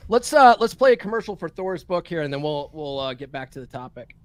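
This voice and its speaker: A man's voice: on the high side, sing-song, fairly quick, no echo. A man hosting a casual live stream, upbeat and laughing easily, restarting sentences as he talks. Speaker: host.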